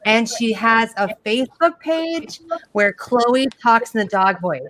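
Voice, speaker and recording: Woman, middle-aged, stand-up comic, high voice, dry close sound, sarcastic and animated, video call. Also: measured pace, dry recording. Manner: sarcastic, animated storytelling with mocking impressions. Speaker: stand-up comedian.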